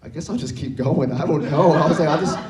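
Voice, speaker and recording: A man preaching as a pastor, telling a story in an animated way, laughing often and acting out the voices of the people in it. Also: fairly high pitch, quick pace, echoey room, far from the mic, over a noisy crowd. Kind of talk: storytelling sermon. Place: church auditorium.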